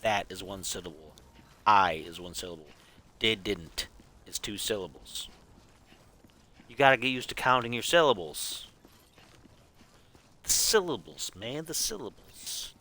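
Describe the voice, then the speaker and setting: A man's voice: on the low side, lively intonation, a little slow, long pauses, pushed and bright, a little hiss or hum. A man streaming a game, chatting casually in a goofy, rambling way and chuckling at his own jokes. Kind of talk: casual live gameplay chat.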